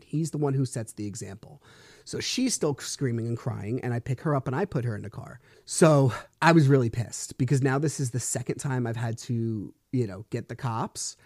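Here a podcast host in his thirties rambles through a story alone, sounding frustrated, cursing and starting over repeatedly. The medium-pitched voice has a darkish tone, and the studio recording is dry and clean.

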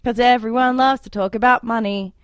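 A woman's voice: fairly high pitch, fairly even intonation, fairly quick, smooth, dry recording, clean studio sound. A young woman with an Australian accent hosting a political podcast in a playful, casual chat, laughing often. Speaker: podcast host.

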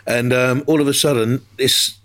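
A man, a veteran football commentator, chatting on a podcast and telling a measured, unhurried story. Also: medium pitch, steady tone, fairly bright tone. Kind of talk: casual chat.

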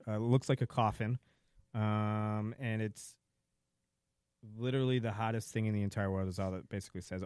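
A man's voice: mid-range voice, a bit bright, dry recording, studio quality. Laid-back man chatting dryly. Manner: rambling, self-mocking, laughs through pain. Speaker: co-host trying a hot chip. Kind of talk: casual chat.

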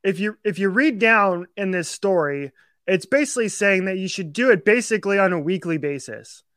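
A man's voice: high-pitched, lively intonation, fairly bright tone, dry recording, studio quality. A man hosting a podcast, rattling off a live ad read at auctioneer speed, then chatting casually. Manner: rapid auctioneer-style ad reading. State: out of breath after the read. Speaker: podcast host.

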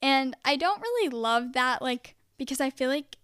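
Chatty young woman, clear voice. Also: high-pitched, lively intonation, moderate pace, fairly bright tone, no echo, clean studio sound. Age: young adult. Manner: chatty, peppered with "like". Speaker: vlogger. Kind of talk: casual confessional vlog.

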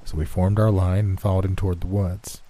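A male narrator reading a first-person horror story in a measured, even way. His voice sits low, with a mellow, soft-edged tone. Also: no echo.

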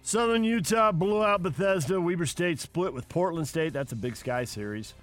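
Brisk male sports radio host. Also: a little high, soft background music. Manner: brisk, reads scores then asks co-host. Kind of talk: sports radio score rundown.

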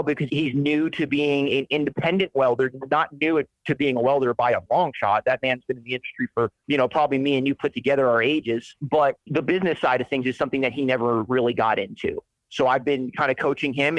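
A man's voice: medium pitch, no echo, low-quality recording. A man who runs a welding business, talking bluntly and profanely in a motivational way on a casual podcast interview. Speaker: independent welder and business owner.

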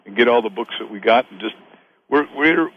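A man's voice: animated, brisk, breathy edge, lo-fi sound. A male author being interviewed, talking in a rambling, motivational way, often repeating himself. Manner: rambling, repeats words, pitches his offers. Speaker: author and guest.

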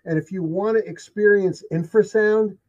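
A man tells his stories in an emphatic, repetitive way, leaning on key phrases. His voice sits a little high for a man. The recording is dull and lo-fi. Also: moderate pace, a little mellow. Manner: emphatic storyteller, repeats himself. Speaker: guest telling of sightings. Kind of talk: casual conversation. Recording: dull lo-fi sound.

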